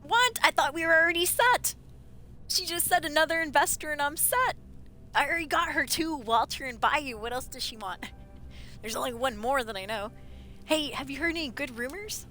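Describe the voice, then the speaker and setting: A woman livestreaming a game, chatting excitedly to her viewers while losing her voice. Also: high-pitched, normal speed. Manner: chatty, excitable, talks to chat. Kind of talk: casual gameplay commentary. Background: game music.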